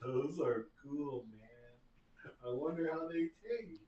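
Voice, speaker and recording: A dim, laid-back adventurer guy, played by a man, who drawls slowly and is easily impressed. The voice sits in a roomy space, a little far from the mic. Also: on the high side, lively intonation, warm tone, dull audio, a little hiss or hum.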